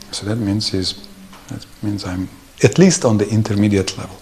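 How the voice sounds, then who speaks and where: A man's voice: on the low side, expressive, unhurried, creaky. A man giving an informal, anecdotal devotional talk at a temple, chuckling often as he speaks. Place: temple hall.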